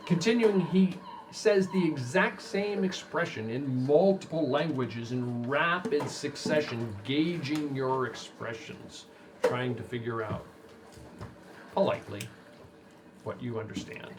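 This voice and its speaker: A man narrating as game master of a tabletop role-playing game, animated and chatty. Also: mid-range voice, unhurried, noisy background.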